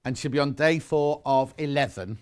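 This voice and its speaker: A man with a smooth, medium-pitched voice at normal speed presents live shopping television. He chats and banters with co-workers, dropping in chuckling asides.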